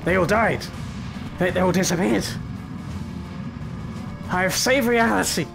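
Gravelly, excitable gaming commentator man. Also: high voice, a little slow, music in the background. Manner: excitable, swearing mock-threats. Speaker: gaming YouTuber. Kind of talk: casual gameplay commentary.

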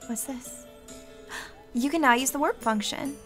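A woman hosting a let's play, excitable, reading game text aloud between gasps and squeals. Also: high-pitched, unhurried. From United States. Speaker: gaming video host. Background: game music.

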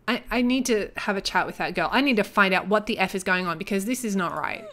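A young woman chatting casually as she comments on her life-simulation gameplay, excitable and joking as she reacts. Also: mid-range voice, fast, few pauses. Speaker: gaming YouTuber.

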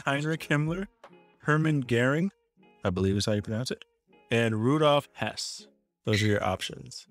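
Man, mid pitch, podcast host, reads quiz options, teasing, laughs a lot. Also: animated, moderate pace, faint music behind. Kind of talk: casual chat, reading quiz questions.

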